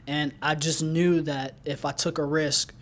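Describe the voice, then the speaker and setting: An upbeat young man from Ohio chats on a podcast, his voice sitting a little high for a man and breaking easily into laughter. He often restarts his phrases as he tells stories. A faint low rumble hums underneath. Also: flat delivery, a little slow, fairly bright tone. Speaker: podcast co-host. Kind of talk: casual chat.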